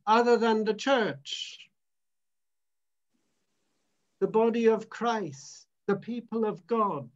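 A man minister preaching a sermon in an emphatic, measured way, repeating phrases for weight. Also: high voice, muffled recording.

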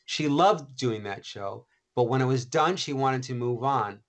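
A man, an author and interview guest, telling animated anecdotes with many restarts. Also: medium pitch, unhurried. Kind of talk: storytelling interview.

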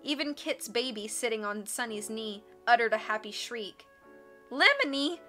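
A woman reading a book aloud on a live stream, with expressive narration and casual asides to her chat. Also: a little high, normal speed, faint music behind.

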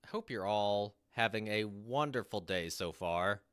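A man's voice: fairly low pitch, measured pace, a bit bright, clear, resonant tone, dry recording, studio quality. A man live-streaming a game, cheerfully greeting viewers in chat by name while fiddling with his setup.

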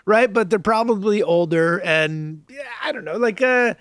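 A man's voice: sits high, moderate pace, fairly bright tone. A man co-hosting a podcast, bantering playfully and laughing in casual chat. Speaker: podcast co-host.

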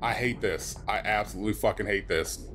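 A man's voice: fairly low pitch, a little fast, noisy background. A man playing a horror game and commenting, jumpy and nervous, swearing and reading the on-screen text aloud. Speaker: let's play host.

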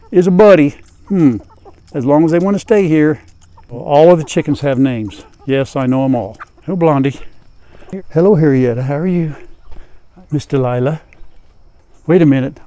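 An older man, a farm vlogger, chatting casually and soothing his hens at the coop, often dropping to a hushed voice. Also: on the high side. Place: outdoors at a chicken coop. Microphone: lapel mic. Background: hens clucking, rooster.

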